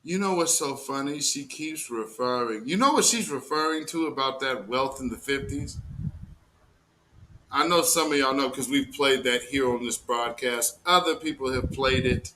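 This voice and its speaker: A man's voice: mid-range voice, normal speed, bright, forceful tone, a little hiss or hum, low-quality recording. A man hosting a live news commentary stream, heated and mocking, with slangy, profane talk.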